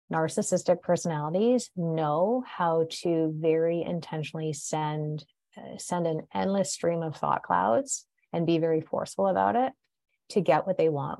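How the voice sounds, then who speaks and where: A woman's voice: deep voice, vocal fry, warm tone, no echo. A woman hosting a podcast, talking in an emphatic, conversational way and often tagging her points with "right?". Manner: emphatic, tag questions like "right?". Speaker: podcast host.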